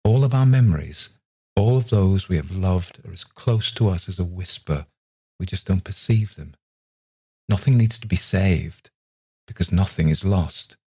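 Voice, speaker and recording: A man voicing a kindly older retired doctor in a ghost story, talking in a soft, consoling way. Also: deep voice, unhurried, husky.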